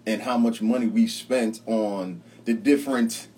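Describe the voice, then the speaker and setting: A man's voice: fairly low pitch, fairly even intonation, measured pace. Laid-back man, slightly distant mic. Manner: laid-back, laughs often, shouts out listeners. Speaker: podcast host. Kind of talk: casual chat. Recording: slightly distant mic, faint background noise.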